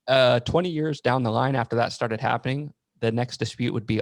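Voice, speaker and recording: A man hosting a podcast interview, asking his questions in a measured, hesitant way. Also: medium pitch, no echo. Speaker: podcast host. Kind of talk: casual interview conversation.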